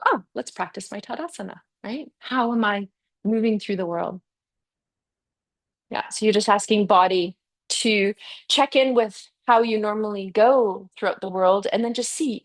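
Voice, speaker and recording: A middle-aged woman leads a yoga class in a chatty, encouraging way. She talks students through each movement and fills the gaps with easy "yeah"s and "okay"s. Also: mid-range voice. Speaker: yoga teacher. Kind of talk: live guided yoga class.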